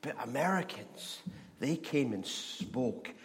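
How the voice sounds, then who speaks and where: Man, sermon, humorous storytelling, lively up-and-down voice, talks to the crowd. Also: mid-range voice, slow pace. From Scotland. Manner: chatty, animated, asks the audience questions. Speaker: preacher.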